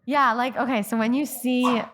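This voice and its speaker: A woman's voice: a little high, fairly even intonation, normal speed, noisy background. A woman hosting a podcast interview, affirming her guest and asking loose, chatty questions. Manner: friendly and affirming, frequent agreement and small laughs. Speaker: podcast host. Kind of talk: casual conversational interview.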